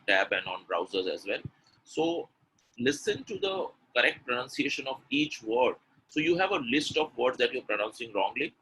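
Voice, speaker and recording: A man's voice: mid-range voice, bright, forceful tone, slight background noise, rough recording. A man teaching pronunciation in a live webinar, coaxing and repeating himself as he speaks to attendees directly. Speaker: English pronunciation coach.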